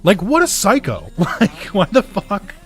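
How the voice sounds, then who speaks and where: Guy streaming a game, laughs constantly, pitch all over the place, slow drawn-out talk, some music faint behind him. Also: huge pitch swings. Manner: giggly, laughs often, swears, rants at the story. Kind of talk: casual let's-play commentary.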